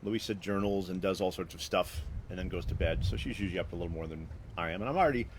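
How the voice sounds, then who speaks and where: A man hosting a live stream, telling a personal story to viewers in an animated, restless way, often restarting his sentences. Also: deep voice, fast, background noise. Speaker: host.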